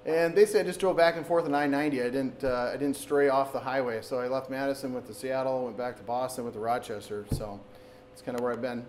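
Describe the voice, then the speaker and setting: A man's voice: mid-range voice, steady tone, quick pace, a little mellow, low-quality recording. A man in his thirties from Wisconsin talks an audience through knee surgery in a loose, conversational lecture, often restarting his sentences. His voice sits in a middle register. Faint background noise fills the meeting room. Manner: conversational, with frequent restarts and "so basically". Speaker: orthopedic surgeon giving a public talk. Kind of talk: informal public lecture. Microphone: camera recording in the room.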